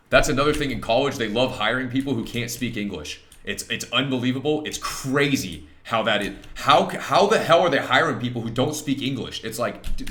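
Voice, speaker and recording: Young male streamer, low and forceful, casual profane ranting at a desk mic. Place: home streaming setup.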